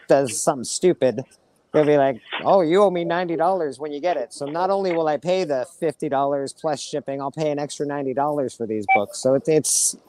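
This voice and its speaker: A man's voice: mid-range voice, noisy background. A man from Canada chatting casually in a podcast, blunt and swearing freely. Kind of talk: casual chat.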